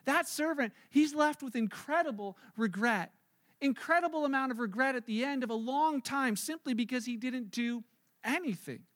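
A man's voice: very high-pitched, moderate pace, a bit bright. A male pastor preaching a sermon in a storytelling manner, acting out the characters he describes.

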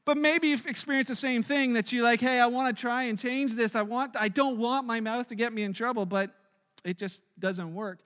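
A middle-aged man preaching a sermon, telling family stories in an animated way and acting out the dialogue. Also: very high-pitched, normal speed. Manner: storytelling, animated, acts out dialogue. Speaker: pastor. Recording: long reverb of a large hall.

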